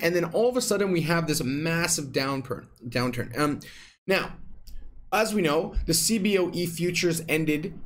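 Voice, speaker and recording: A man's voice: fairly high pitch, normal speed, a bit bright, slight background noise. Chatty man hosting a crypto livestream. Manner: chatty, reads viewer comments, nervous laughs, many fillers. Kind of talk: casual livestream chat.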